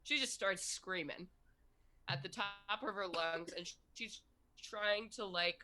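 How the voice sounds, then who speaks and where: A woman narrating a tabletop role-playing game as game master, telling the scene in a gentle storytelling way. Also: mid-range voice, slow pace.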